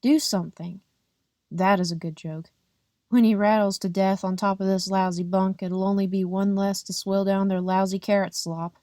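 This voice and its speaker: A woman's voice: medium pitch, steady tone, moderate pace, dark tone, no room sound, studio quality. A woman reading a gritty audiobook. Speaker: audiobook reader. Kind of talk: first-person audiobook narration.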